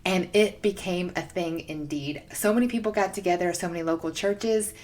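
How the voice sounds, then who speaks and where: A young woman hosting a faith podcast, telling stories in a casual, excited way with lots of "like". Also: fairly low pitch, normal speed. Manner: excited, gushing, heavy use of "like". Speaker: podcast host.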